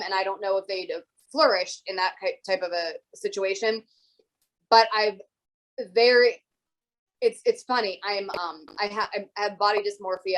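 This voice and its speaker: A woman teacher talking casually as an interview guest, telling lively stories and acting out the voices of the people in them. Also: mid-range voice, poor audio. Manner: animated storyteller who acts out other people's voices.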